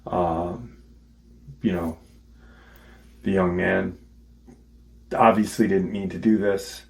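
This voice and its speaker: A man casually retelling an encounter as a podcast host, halting with many ums and restarts. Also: sits low, steady tone, gravelly, low-quality recording. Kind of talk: casual spoken storytelling.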